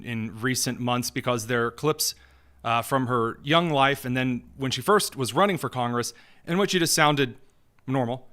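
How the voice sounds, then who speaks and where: A man's voice: mid-range voice, bright, forceful tone. Sarcastic man hosting political commentary. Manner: sarcastic, mocking, rapid-fire.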